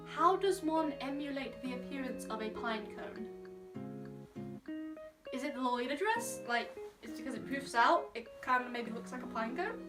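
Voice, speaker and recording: A young woman from Scotland with a high voice answers comments with sassy, playful comebacks in a casual vlog. She sits a little back from the mic, and clear background music plays under her. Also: animated, moderate pace, recorded from a distance. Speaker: YouTuber reading comments.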